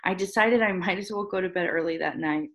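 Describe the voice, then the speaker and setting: A woman reading a first-person novel aloud to a class, with steady narration and small slips and restarts. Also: fairly low pitch, fairly quick, poor audio. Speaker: reader.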